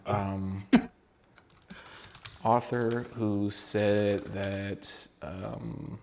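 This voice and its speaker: A man co-hosting a podcast in casual chat, rambling and excitable, prone to tangents. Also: fairly low pitch, creaky, long reverb tail, slight background noise. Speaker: podcast co-host.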